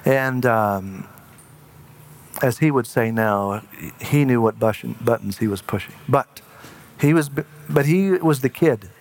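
A man's voice: mid-range voice, unhurried, a little mellow. A middle-aged man, a pastor, preaching a sermon with earnest storytelling that halts on fillers in personal stories.

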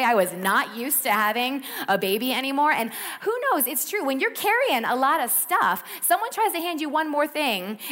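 Animated woman giving a camp sermon. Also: on the high side. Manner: animated, chatty storytelling with quiet earnest asides. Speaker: camp speaker.

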